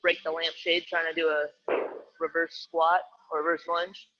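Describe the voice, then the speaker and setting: Guy coaching a live online workout, high bright voice, upbeat and jokey, kinda dull audio. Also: flat delivery, moderate pace. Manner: upbeat, joking while cueing exercises. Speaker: fitness coach.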